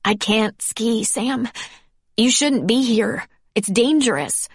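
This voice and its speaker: A woman's voice: fairly high pitch, slow, husky, no room sound, studio quality, pitched above the performer's own voice, heavily acted. A woman narrator voicing an injured young woman skier who stays spirited and wry. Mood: pained pleading.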